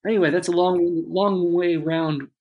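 Husky guy rambling through a family story, loose and reflective. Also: high-pitched, fairly even intonation, normal speed, narrow, tinny audio. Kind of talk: casual chat.

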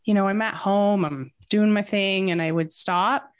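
A woman's voice: mid-range voice, steady tone, a little slow, smooth. A woman talking as a guest in a casual interview, telling a personal story in an earnest, reflective way.

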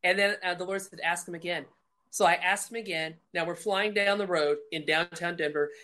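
A woman's voice: on the low side, brisk. A middle-aged woman from Colorado, a guest telling a personal faith story and acting out the voices in it. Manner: lively storyteller acting out quotes.

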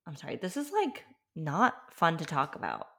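A woman's voice: low voice, wildly swooping pitch, moderate pace, gravelly, fairly bright tone. A young woman telling her birth stories in a candid, chatty way, with many filler words and open emotion. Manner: emotional, openly honest. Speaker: podcast host. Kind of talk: candid personal storytelling.

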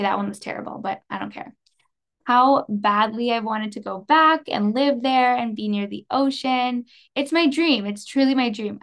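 A woman in her twenties from Canada, hosting a podcast in an earnest, emotional monologue, laughing softly between phrases. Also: medium pitch. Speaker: podcast host. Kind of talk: personal reflective monologue.

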